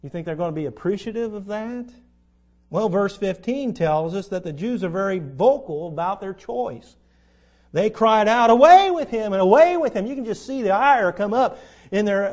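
Going verse by verse through the Bible, a man preaches conversationally, putting questions to his listeners and acting out the lines he quotes. His high-pitched voice is animated and darkish in tone, at a normal speed.

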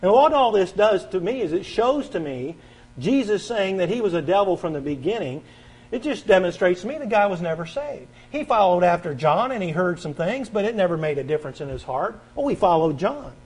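A man preaching a sermon, reading scripture aloud and swinging from forceful stresses to quiet, earnest stretches. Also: big pitch swings, brisk, breathy edge, low-quality recording. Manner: emphatic, swings between loud stresses and quiet earnest lows; reads scripture aloud and invites the congregation to turn pages.

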